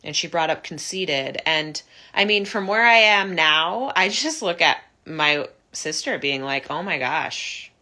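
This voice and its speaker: A young woman telling her own recovery story in an earnest, heartfelt monologue, often halting and restarting. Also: low-pitched, animated, pushed and bright. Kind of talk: personal reflective monologue.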